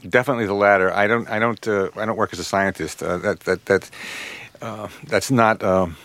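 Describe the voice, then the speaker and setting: A man being interviewed about his music, answering thoughtfully with many pauses and fillers. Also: lowish voice, fairly even intonation, fairly bright tone. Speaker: guest composer.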